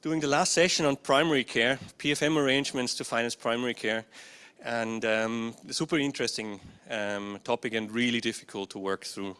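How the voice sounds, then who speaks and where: A man's voice: medium pitch, brisk, a bit bright, clear, resonant tone. Hesitant man presenting a conference workshop. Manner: hesitant, many fillers, keeps checking in with "right?". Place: conference room, indoors. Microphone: handheld or stand microphone.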